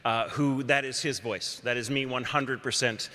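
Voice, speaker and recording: A man's voice: medium pitch, fairly even intonation, moderate pace, pushed and bright, long reverb tail. A voice actor from Texas telling a candid, chatty story on a panel and laughing as he talks.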